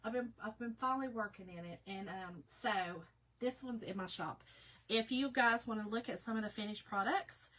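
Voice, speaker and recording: A woman's voice: fairly high pitch, normal speed, a bit bright. A middle-aged woman with a Southern US accent, hosting a live craft tutorial and chatting folksily with viewers by name as she paints. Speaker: craft livestream host.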